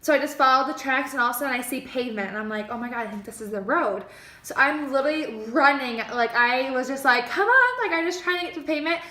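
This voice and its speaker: A woman's voice: high voice, fast talker, bright, forceful tone, echoey room. A young woman vlogger telling a personal story in a casual, rambling way, full of "like" and acted-out lines of what she said back then. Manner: chatty, heavy use of "like", acts out her own past lines.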